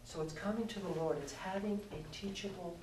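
A man in the middle of his life preaches to a conference crowd. He tells an honest, self-mocking story and stops now and then to speak to the listeners. The mic sits far off in a roomy hall, with steady noise underneath. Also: high voice, brisk. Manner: candid, self-mocking storytelling with audience asides. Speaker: pastor. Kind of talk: sermon. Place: large hall at a youth conference.

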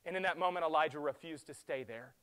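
A middle-aged man, a pastor, preaching a sermon that swings from loud urgent pleading to hushed, quiet passages. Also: a little high, fast, smooth.

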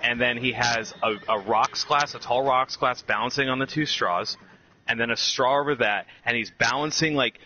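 A man casually telling a story, laughing often and acting out other people's lines. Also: mid-range voice. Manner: animated, laughs often, acts out customers' lines. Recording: slightly dull lo-fi audio with faint background noise.

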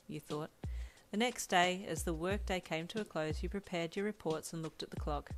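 A woman reading a fanfiction story aloud in second person, with a soft, quiet storytelling manner. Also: on the low side, normal speed, faint music behind. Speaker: fanfiction reader.

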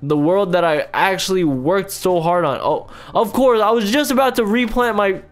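A young man giving excited gameplay commentary as a YouTuber, talking to his viewers in exasperated, loud outbursts. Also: high voice, normal speed, soft background music. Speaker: YouTuber playing a video game.

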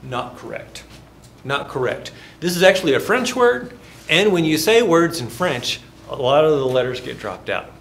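A man's voice: fairly high pitch, moderate pace, gravelly, a bit bright, a little hiss or hum. A male university instructor giving a classroom lecture. He asks the class questions and jokes between points. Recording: echoey classroom.

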